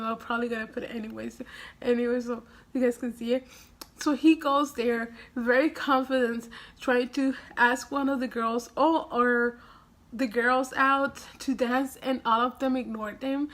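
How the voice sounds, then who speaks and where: A young woman vlogging casually, rambling and tearful after crying, breaking into small laughs and sighs. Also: sits high. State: has been crying. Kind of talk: casual emotional vlog.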